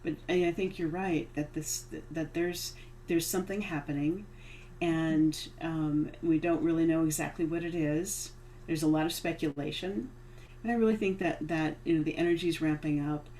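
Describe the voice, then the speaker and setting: Low-voiced woman speaking haltingly. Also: fairly even intonation, mellow, slight background noise. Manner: hesitant, many restarts and fillers. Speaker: guest speaker. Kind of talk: casual spiritual chat.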